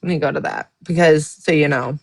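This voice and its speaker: A woman's voice: sits low, steady tone, fairly quick, no room sound. A woman hosting a casual livestream, reading out text messages and telling her side of a dispute in a blunt, profane way. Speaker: livestream host.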